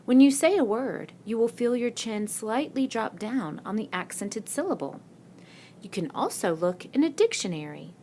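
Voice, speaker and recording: This woman teacher has a fairly high, warm, animated voice as she gives a recorded spelling lesson. She takes it slowly and patiently, answering her own questions, with slight hiss or hum from the screen-recording mic.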